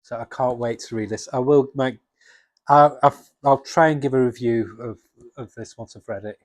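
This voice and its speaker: A man with a husky voice chatting casually and enthusiastically about comics, rambling with restarts. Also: mid-range voice, moderate pace, no room sound. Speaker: comics vlogger. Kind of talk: casual chat.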